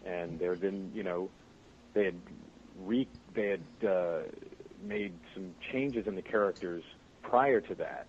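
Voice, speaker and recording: Lively low-voiced man, muffled recording. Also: a little slow. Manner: animated, laughing storyteller. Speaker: voice actor guest. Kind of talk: casual interview chat. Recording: muffled podcast audio with faint noise.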